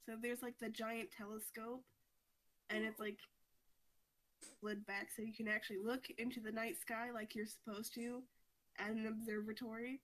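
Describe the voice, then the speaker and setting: A woman's voice: fairly high pitch, flat delivery, normal speed, fairly bright tone, low-quality recording. Chatty woman retelling a story. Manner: chatty, fillers of "like", frequent laughter. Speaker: podcast host. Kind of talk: casual recap of a comic story.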